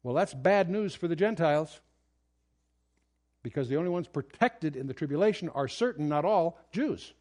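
Male Bible teacher, fairly high voice, emphatic lecturing delivery with frequent restarts. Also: lively intonation, normal speed, a little mellow. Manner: earnest, emphatic, with restarts and asides. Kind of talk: verse-by-verse Bible study lecture.

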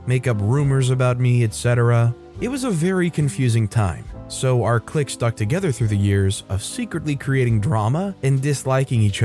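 A man's voice: mid-range voice, mellow. A man hosting a storytelling show, reading a story aloud and raising his voice to act out the quoted lines. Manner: reads quoted lines in a raised, acted-out voice. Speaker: host reading online stories. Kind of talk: scripted storytelling narration.

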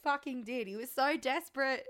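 A woman's voice: high-pitched, normal speed, crowd noise. A young woman co-hosting a podcast in casual chat, laughing often and swearing freely. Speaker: podcast co-host.

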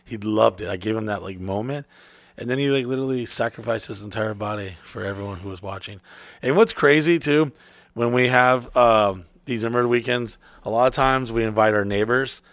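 A man co-hosting a casual podcast chat, a laid-back, profane storyteller who often drops to a low mutter. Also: moderate pace, a bit bright, no room sound. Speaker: podcast co-host.

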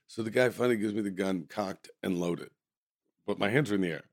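An actor appearing as a guest tells rambling, amused stories from a film shoot, speaking briskly in a lowish voice and often restarting his sentences. It's a casual, anecdotal chat recorded with clean studio sound and no room echo.

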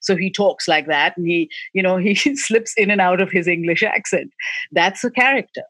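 A woman's voice: on the low side, moderate pace, fairly bright tone, husky, no room sound, poor audio. A woman, answering interview questions as a film director in a passionate, emphatic way with frequent restarts. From India.

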